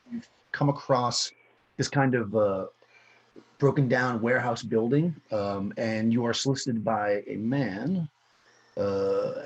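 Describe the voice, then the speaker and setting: Husky-voiced man running a tabletop game. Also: medium pitch, highs cut off. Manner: casual, halting with fillers. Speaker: game master.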